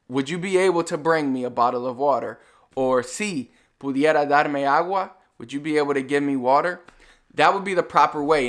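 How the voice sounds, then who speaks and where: A young man giving a casual video lesson, talking in a relaxed, conversational way and slowing down to model each phrase. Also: a little high. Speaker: Spanish teacher.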